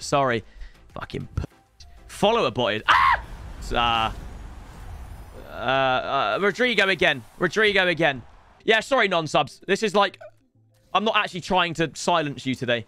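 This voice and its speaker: Excitable young man, high lively voice. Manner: excitable, bursts into shouted celebrations. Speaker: streamer. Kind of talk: live-stream pack-opening commentary.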